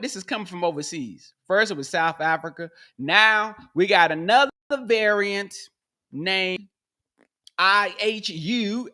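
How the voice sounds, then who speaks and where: Animated joking podcast man, bright voice. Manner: animated and joking, with goofy sound effects; jumps from high yelps to low mutters. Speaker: podcast host. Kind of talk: comedic monologue.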